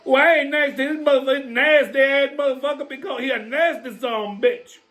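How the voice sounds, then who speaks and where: A man's voice: very high-pitched, brisk, faint music behind, voice pushed up. A man voicing a cranky, foul-mouthed old man who hurls insults. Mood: angry. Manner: loud, insulting, profane.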